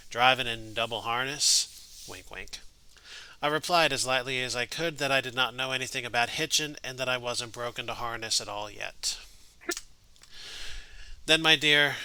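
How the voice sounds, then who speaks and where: A man's voice: medium pitch, bright, forceful tone, smooth, low-quality recording. A man reading aloud the letters of a gushing young woman from a game, in his own voice.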